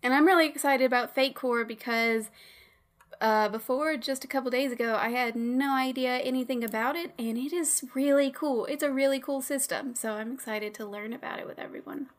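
A woman's voice: high-pitched, a little fast. A woman running a tabletop game podcast, chatty and giggly with lots of fillers. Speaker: game master. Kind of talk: casual podcast chat.

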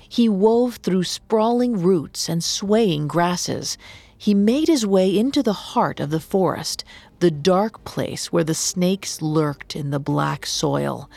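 A woman narrating a myth in measured, dramatic scripted storytelling. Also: on the low side, creaky, a little mellow, dry recording.

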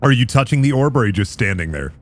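A man serving as dungeon master, narrating a tabletop game in a calm, descriptive way. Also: medium pitch, quick pace, a little hiss or hum. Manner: calm descriptive narration, casual swearing out of character.

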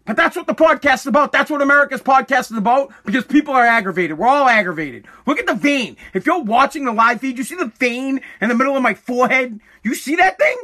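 A forty-year-old man rants on his podcast with a raised, high-set voice and a sharp, bright edge. He swears freely and keeps tipping over into yelling, a dusty throat catching now and then, recorded in a home basement. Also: animated, fast talker, hardly any pauses. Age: 40s. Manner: aggravated, swearing, bursts into yelling. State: throat irritated by dust, coughing. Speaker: podcast host. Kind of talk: angry profane rant.

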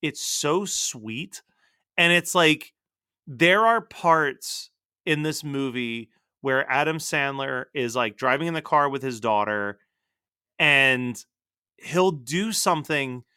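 Chatty podcast guy, bright crisp voice, lots of like like, dry close mic. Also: medium pitch, slow, no room sound. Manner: animated, lots of "like" fillers. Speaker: podcast co-host. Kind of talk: casual pop culture chat.

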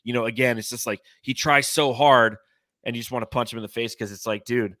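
Bright, blunt podcast host man. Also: medium pitch, fairly even intonation, fast, no room sound, studio quality. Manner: joking, profane and blunt; reads viewer comments from a live chat. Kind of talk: casual sports podcast chat.

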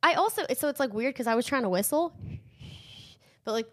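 A woman's voice: high voice, lively intonation, brisk. A woman co-hosting a casual podcast, with a numb mouth from dental work, making dry, teasing remarks. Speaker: podcast co-host. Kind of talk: casual chat.

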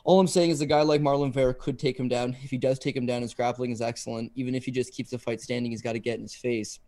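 A man co-hosting a casual podcast, giving emphatic, quick breakdowns of fights and betting picks. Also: mid-range voice, fairly even intonation, warm tone, dry recording. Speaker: co-host, fight analyst.

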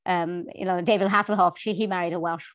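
A woman's voice: fairly low pitch, fairly even intonation, fast, a bit bright, no echo. A British woman, a voiceover artist and singer, chatting as a podcast guest and laughing often. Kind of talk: casual chat.

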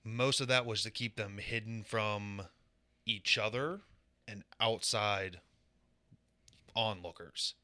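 Low, bright-toned young man explaining. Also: takes it slowly, pauses often. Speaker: podcast co-host presenting a segment. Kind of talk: casual explanatory chat.

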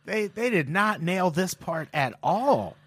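A man's voice: high-pitched, big pitch swings, slow, husky, dry recording, clean studio sound. A man co-hosting a casual comedy chat, wry and joking, reading out news quotes. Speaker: podcast co-host.

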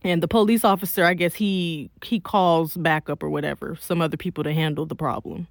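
A young woman from Miami telling a personal story in a casual, emphatic, animated way, often saying "like.". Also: low-pitched, a little fast, vocal fry, no echo, clean studio sound. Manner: emphatic, animated retelling with frequent "like".

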